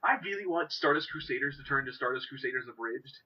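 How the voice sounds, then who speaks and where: A young man co-hosting a casual podcast, jokey and rambling, with a husky voice. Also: mid-range voice, animated, fast. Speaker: podcast co-host. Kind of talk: casual banter. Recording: dull lo-fi home mic.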